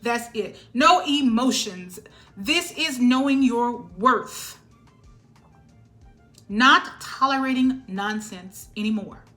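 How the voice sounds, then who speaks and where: A woman with a high, bright voice gives a spiritual tarot reading to her viewers. She is emphatic and sassy and keeps checking in with "all right?" Soft music plays behind her. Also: animated, slow. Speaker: tarot reader.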